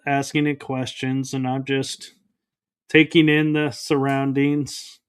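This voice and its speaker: A man, a podcast guest, recounting a personal experience in an interview and acting out the dialogue. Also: on the high side. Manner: storytelling that acts out quoted dialogue.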